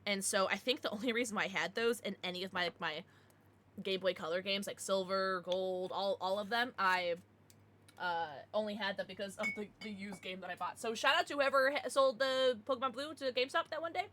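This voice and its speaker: A woman in her thirties streaming live, bubbly and quick to laugh as she chats with viewers and reacts to their messages. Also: mid-range voice, steady tone, a bit bright. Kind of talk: casual livestream chat.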